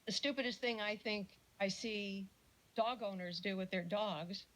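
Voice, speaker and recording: A woman's voice: mid-range voice, steady tone, measured pace, fairly bright tone, low-quality recording. Chatty woman giving a mini lecture. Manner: storytelling, acts out quoted voices.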